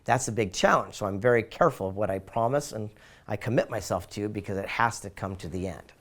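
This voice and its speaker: Enthusiastic storytelling man, mid-pitched. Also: fairly quick, fairly bright tone. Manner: enthusiastic, acts out voices in anecdotes. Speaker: interview guest, author and speaker. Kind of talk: animated storytelling in an interview.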